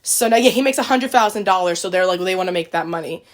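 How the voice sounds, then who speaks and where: A woman's voice: fairly low pitch, fast. Woman rambling through a retelling. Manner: rambling retelling, with many likes and quoted voices. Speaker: podcast host. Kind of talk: casual chat.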